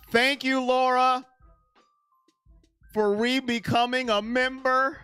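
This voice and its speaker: Smooth-voiced man hosting a sports livestream. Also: high-pitched, a little slow, pushed and bright, no echo, faint music behind. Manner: emotional, rambling, thanks donors by name. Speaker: sports channel host. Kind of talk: casual livestream chat.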